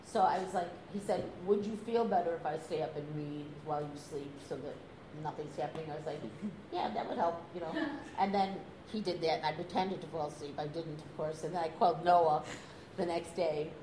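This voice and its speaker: An older woman tells a story with an animated, chatty delivery, slipping into acted-out quotes and laughing as she goes. Her voice sits a little low. The recording is echoey, with steady noise underneath. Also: brisk. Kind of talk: casual anecdote telling.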